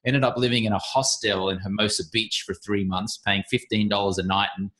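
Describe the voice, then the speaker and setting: A man's voice: fairly low pitch, steady tone, fairly quick, a bit bright. Breezy Australian man, self-deprecating. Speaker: podcast guest. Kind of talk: casual interview chat.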